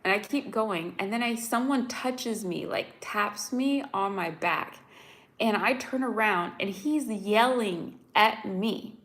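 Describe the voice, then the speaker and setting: Young American woman vlogger, chatty and animated, telling viewers a story, near tears. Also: mid-range voice, takes it slowly. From United States. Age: young adult. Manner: chatty, animated, many "like"s, addresses viewers directly. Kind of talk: casual storytelling to live viewers.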